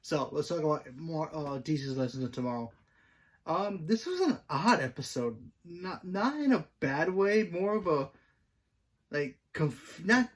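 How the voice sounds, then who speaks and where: Guy reviewing a tv episode on his channel, chatty and rambling, lots of um and uh, restarts sentences. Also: on the high side. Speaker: host.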